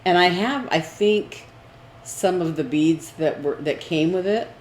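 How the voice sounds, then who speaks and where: A woman's voice: fairly low pitch, a little slow. A woman co-hosting a casual crafting chat, talking in a rambling way with many fillers. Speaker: co-host. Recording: echoey room with faint noise.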